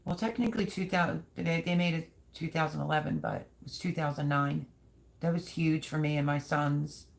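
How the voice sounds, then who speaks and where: A woman's voice: deep voice, fairly even intonation, normal speed, gravelly. A middle-aged woman hosting a casual livestream, chatting and reading out viewer comments in a rambling, talkative way. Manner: chatty, rambling, thinks aloud.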